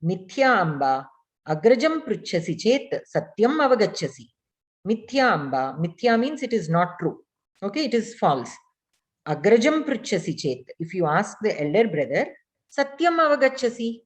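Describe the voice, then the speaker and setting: A woman's voice: on the high side, sing-song, moderate pace. A woman teaching a class, reading short passages aloud and patiently explaining and translating each phrase. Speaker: Sanskrit teacher.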